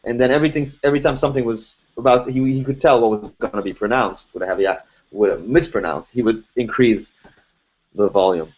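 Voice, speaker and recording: A man telling animated stories in a relaxed interview, his faint foreign accent hard to pin down. His voice sits at an ordinary middle pitch. The recording is dull and lo-fi, like an online podcast. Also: quick pace, breathy edge. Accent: faint foreign accent, hard to place. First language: French or Arabic. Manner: animated storyteller, laughs often. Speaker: voice actor guest. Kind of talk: casual interview chat.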